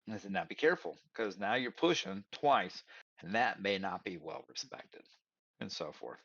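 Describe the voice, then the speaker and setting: A man's voice: sits low, sing-song, normal speed, creaky, a bit bright, no room sound, lo-fi sound. A man giving casual career advice, telling stories and acting out both sides of conversations, calling his listeners "y'all". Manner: storytelling, acts out both sides of dialogues.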